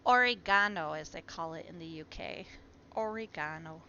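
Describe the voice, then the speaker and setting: A woman's voice: low-pitched, little pitch movement, brisk. A woman chatting casually on a live stream, talking to her plants and to her viewers at home. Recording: muffled lo-fi stream audio with faint noise.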